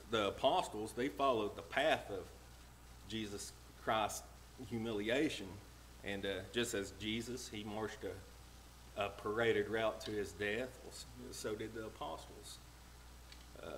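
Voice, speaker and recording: A man preaching a plain-spoken, homespun sermon in a church, slowing down to read old-style scripture verses. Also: fairly low pitch, a bit bright, a little hiss or hum, poor audio. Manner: plain-spoken and homespun, reads King James verses slowly. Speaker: lay preacher. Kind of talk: folksy sermon with scripture reading. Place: church sanctuary.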